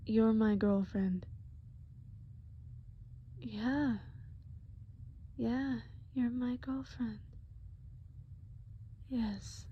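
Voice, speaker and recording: A woman voicing a young man gently soothing his dazed girlfriend in a whispered role-play, soft and affectionate, full of pet names. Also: fairly high pitch, slight background noise. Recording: dull lo-fi recording.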